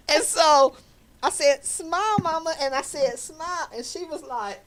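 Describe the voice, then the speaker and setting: A woman's voice: sits high, normal speed. A woman, hosting a radio talk show, tells a story in casual chat and acts out the voices in it. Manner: animated, laughing, acts out quoted voices.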